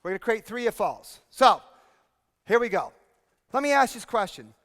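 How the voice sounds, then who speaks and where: Man on stage at a seminar, high clear voice, long hall reverb, pumps up the crowd. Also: moderate pace, pauses often. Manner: energetic, drills the audience with repeated questions. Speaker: speaking coach presenting a workshop. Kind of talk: live seminar presentation to an audience. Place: conference hall with audience.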